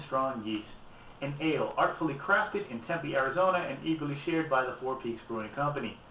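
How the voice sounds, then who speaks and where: A man's voice: mid-range voice, a little hiss or hum. A man casually reviewing a beer on video, chatty and candid as he tastes and comments. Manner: chatty and candid, tasting as he talks. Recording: roomy, distant, dull lo-fi camera audio.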